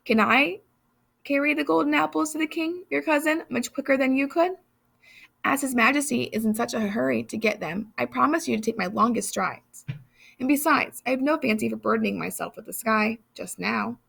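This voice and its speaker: A woman's voice: a little high, moderate pace, gravelly, fairly bright tone, breathy edge, exaggerated voice. A woman reading aloud, voicing a selfish, cheerfully sly male giant in an airy, teasing way.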